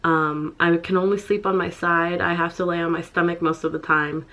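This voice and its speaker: A young woman vlogging in a halting, upset way, full of pauses and fillers. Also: lowish voice, flat delivery, bright, forceful tone. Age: young adult. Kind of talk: personal confessional vlog.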